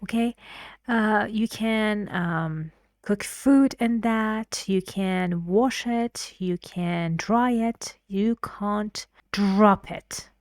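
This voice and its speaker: A woman explaining intonation in an English lesson, patient and clear, sometimes dropping to a whisper. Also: medium pitch, extremely slow, a little mellow, dry recording, clean studio sound. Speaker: English teacher.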